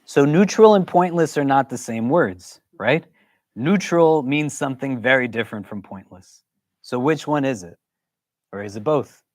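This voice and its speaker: A man's voice: medium pitch, lively intonation, normal speed, a little mellow, no echo. A man teaching a religious class, talking conversationally and often putting questions to the audience. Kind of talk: interactive religious lesson.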